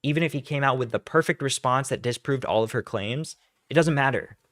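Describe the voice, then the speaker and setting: A man's voice: mid-range voice, brisk, a bit bright, no room sound, studio quality. A young man doing ranting YouTube commentary, sarcastic, blunt and profane.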